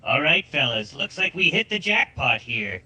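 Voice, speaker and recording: A swaggering Southern outlaw who brags about every score, voiced by a man. His tone is very bright and rather high for a man. The accent leans heavily Southern American. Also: sing-song, normal speed, husky, heavily acted, low-quality recording. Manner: boastful, swaggering. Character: cocky male outlaw gunslinger.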